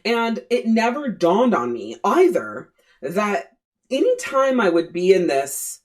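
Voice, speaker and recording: A woman's voice: medium pitch, big pitch swings, slow pace. A woman life coach hosting her own podcast, talking candidly and bluntly, swearing freely and repeating phrases for emphasis. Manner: casual, with frequent "you know" and "right".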